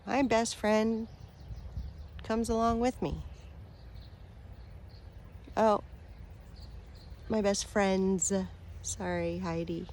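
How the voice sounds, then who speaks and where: Woman spiritual vlogger talking slow n earnest, bit rambly, faint hiss behind. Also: medium pitch, steady tone. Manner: earnest, affectionate, rambling with fillers and soft laughs. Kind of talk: heartfelt direct-to-camera talk.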